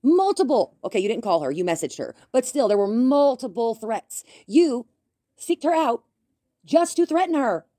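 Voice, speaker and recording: A woman's voice: fairly high pitch, animated, normal speed, mellow, dry recording, studio quality. Scolding woman ranting with a lisp. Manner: confrontational, scolding. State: slight lisp from a bitten tongue. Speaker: commentary YouTuber. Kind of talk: ranting commentary.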